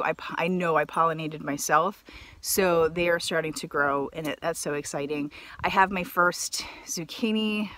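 A woman talking casually to the camera about her garden while out in it, chatty and excitable, with plenty of fillers. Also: on the low side. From United States. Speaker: gardening vlogger. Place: outdoors in a home garden.

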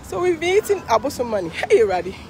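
A woman's voice: on the high side, big pitch swings, fast talker, a little mellow, a little hiss or hum. A Ghanaian woman vlogging live while walking along a street parade, tired from the walk, chatty and exclaiming. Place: outdoor city street at a parade.

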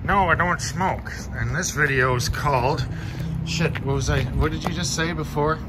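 Man, street vlog, rambling jokey talk, slightly high voice, outdoor traffic noise. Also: moderate pace. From Canada. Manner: rambling, absurd, jokey, swears, sudden squeaky outbursts. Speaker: vlogger.

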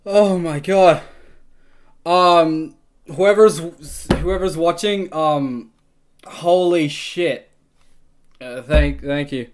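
A male livestreamer thanking donors on a live stream, stammering and swearing in disbelief, with sudden bursts of shouting. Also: fairly high pitch, very slow, long pauses, a little hiss or hum.

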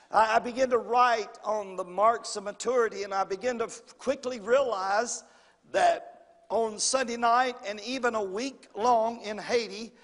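Long church-hall reverb surrounds a pastor whose high voice has a fairly bright tone. In the sanctuary he preaches folksily, repeating himself and prompting the congregation to answer back.

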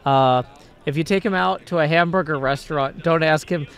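A man's voice: on the high side, moderate pace, a crowd in the background. A man playing on a livestream, rambling and thinking aloud as he guesses. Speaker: player. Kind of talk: casual livestream chat.

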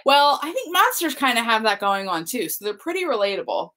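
A woman's voice: fairly high pitch, big pitch swings, brisk, fairly bright tone. A woman working as a children's librarian, hosting a kids' storytime in a library with drawing and booktalks. She asks the children lots of coaxing questions in a sing-song way.

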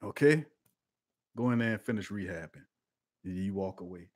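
A man, hosting a live-streamed sports talk show and chatting with his viewers, swinging between loud outbursts and quiet asides. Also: low-pitched, normal speed, dry recording, studio quality. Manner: lively and conversational, talks to chat, swings from loud to quiet.

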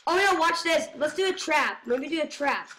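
A girl playing a video game with a friend, chatting casually, getting excitable and repeating herself in bursts. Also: high voice, moderate pace, poor audio. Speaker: gamer. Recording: home mic with steady noise.

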